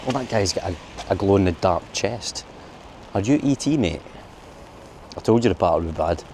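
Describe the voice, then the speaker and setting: A Glaswegian man talks to his camera while out on a night walk, rambling and laughing at his own jokes. His voice sits a little low. Faint city noise carries behind him. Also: expressive, normal speed, dark tone. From Scotland. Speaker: vlogger. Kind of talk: casual walking vlog. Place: city streets at night in the rain.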